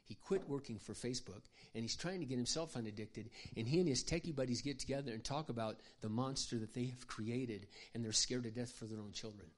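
A man giving a folksy, humorous talk to an audience of mothers, acting out little scenes and often clearing his throat. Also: medium pitch, fairly quick, hardly any pauses. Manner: folksy, humorous storytelling with acted-out demonstrations. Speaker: Christian parenting speaker.

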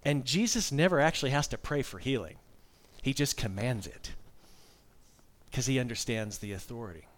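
A man's voice: mid-range voice, moderate pace. A man in his fifties preaching a sermon, telling a personal story in a candid, conversational way with frequent asides.

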